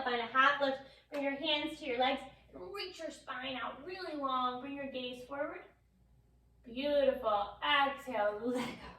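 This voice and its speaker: A yoga teacher with a bright, high-pitched voice and a New York accent guides children through a class in a yoga studio, offering playful, encouraging cues. She's a bit distant from the mic, and her voice echoes through the room.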